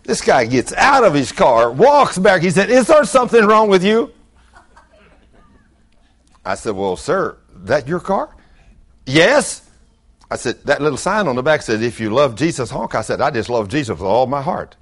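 A man's voice: medium pitch, normal speed, breathy edge. An older man, preaching a folksy sermon full of acted-out stories. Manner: animated storyteller, acts out quotes loudly.

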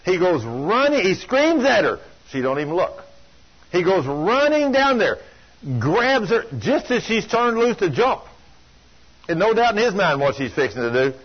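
An older man preaching a sermon, telling folksy stories that swing from loud to hushed. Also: high-pitched, very animated, moderate pace, husky. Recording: dull lo-fi sound.

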